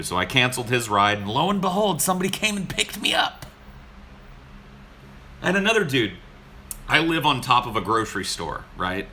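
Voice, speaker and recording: A man's voice: mid-range voice, pushed and bright, slight background noise. A man co-hosting a podcast, telling a story in a casual, exasperated way, swearing often. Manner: profane, exasperated. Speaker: podcast co-host.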